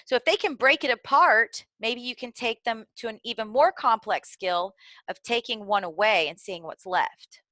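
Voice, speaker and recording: A woman's voice: a little high, moderate pace, sharp tone, dry recording. A middle-aged woman with a Southern American accent, explaining early literacy skills to teachers in an earnest, instructional way. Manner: earnest, explanatory, occasional fillers and restarts.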